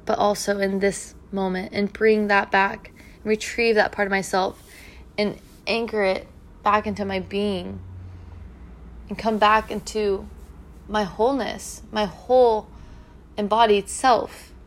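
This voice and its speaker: A woman speaking in an earnest, reflective monologue about healing, repeating gentle affirmations. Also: medium pitch, little pitch movement, measured pace. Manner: soft, earnest, repetitive affirmations. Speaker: spiritual speaker.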